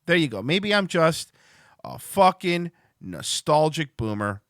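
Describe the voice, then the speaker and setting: A man's voice: a little high, big pitch swings, a little slow, no echo, studio quality. A man hosting a livestream show, rambling and swearing casually as he chats to viewers. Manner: rambling, profane, restarts a lot.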